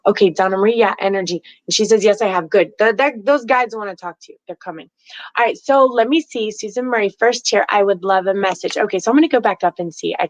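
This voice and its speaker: A woman hosting a live stream, telling stories in a chatty, animated way and giving psychic readings to callers. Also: mid-range voice, no room sound, low-quality recording. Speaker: host and psychic reader.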